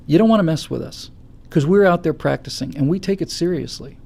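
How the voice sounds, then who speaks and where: A man hosting a political talk show, giving impassioned commentary with stammering restarts that build to loud, forceful stretches. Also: on the high side, fairly quick, vocal fry. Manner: forceful, stammering restarts, rising to near-shouting. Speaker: show host.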